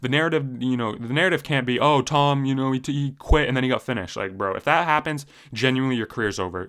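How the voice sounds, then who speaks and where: Fast-talking young man ranting about fights. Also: medium pitch, fairly bright tone. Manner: profane, heated, slangy, many fillers. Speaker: MMA commentary YouTuber. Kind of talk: casual ranting commentary.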